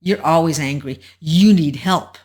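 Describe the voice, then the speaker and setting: A woman's voice: deep voice, a little slow, a little mellow, slightly rough. A woman voicing an angry, belittling narcissistic partner who fires off indignant, accusing questions.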